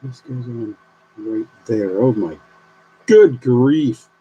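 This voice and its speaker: Man chatting softly while building a kit. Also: mid-range voice, expressive, takes it slowly, breathy edge, lo-fi sound. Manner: chatty, thinking aloud while working. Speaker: live streamer building a model kit. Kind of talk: casual live stream commentary.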